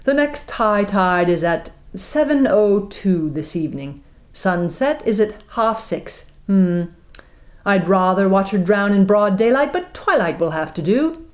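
A woman's voice: medium pitch, lively intonation, unhurried, a little mellow, voice pushed up, lightly acted. Woman doing a syrupy, gloating pirate captain. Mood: scheming. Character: smug, cruel male pirate captain, theatrical.

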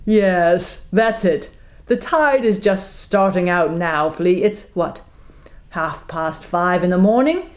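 A woman acting out a cruel pirate captain, syrupy, gloating, unhurried, storybook villain. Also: on the low side, lively intonation. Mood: delighted. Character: smug, cruel male pirate captain, theatrical.

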